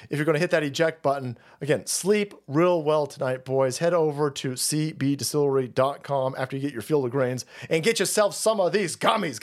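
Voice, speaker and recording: Sarcastic, foul-mouthed male streamer. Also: mid-range voice. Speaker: streamer host. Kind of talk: profane political rant with ad reads.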